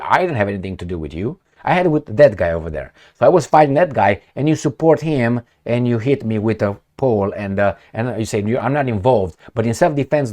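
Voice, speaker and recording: A man giving a casual commentary monologue, animated, throwing out rhetorical questions and sarcastic asides. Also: mid-range voice. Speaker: political commentator.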